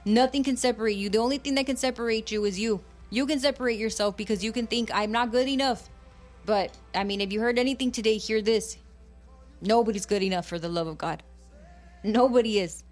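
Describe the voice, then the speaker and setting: On a radio ministry program, a woman preaches and offers encouragement fervently yet conversationally, switching between English and Spanish. Her voice is a little high and a bit fast, with soft music playing faintly behind her.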